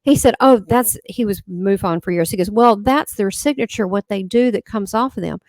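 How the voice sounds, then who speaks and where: A woman host in casual chat, telling a personal story and acting out quoted dialogue with big swings in pitch. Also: normal speed, darkish tone, dry recording. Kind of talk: casual chat recounting experiences.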